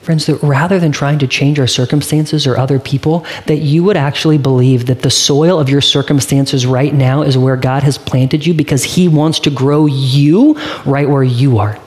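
A pastor preaches a sermon in an earnest, conversational manner, putting direct questions to the congregation and slowing down when he reads scripture. His voice is medium in pitch, steady and somewhat dark.

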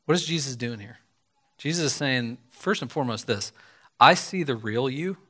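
A man delivers a sermon in a relaxed, conversational voice of ordinary pitch. He keeps it lively, slipping into quoted speech and casual asides as he explains a passage. The tone stays talky rather than grand. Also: normal speed. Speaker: preacher.

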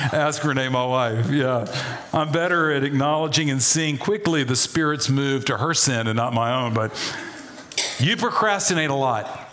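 A middle-aged man preaching a sermon as pastor, folksy and animated, with playful asides and humor. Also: mid-range voice.

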